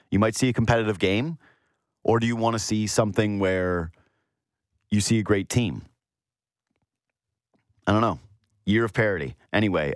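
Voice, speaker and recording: Male sports host, deeper voice, loose rambling chat, dry booth sound. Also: no echo. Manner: animated, rambling, mimics quotes in a higher voice.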